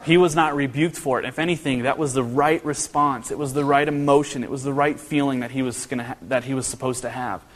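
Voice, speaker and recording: A man's voice: medium pitch, steady tone, fast, few pauses. A man preaching a sermon as a pastor, talking in a conversational way with many rhetorical questions and restarts. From northern Kentucky. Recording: long reverb of a hall.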